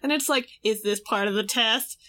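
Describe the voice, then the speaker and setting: A woman co-hosting a podcast, recapping a show in casual chat, quick to chime in and laugh. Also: on the high side, sharp tone.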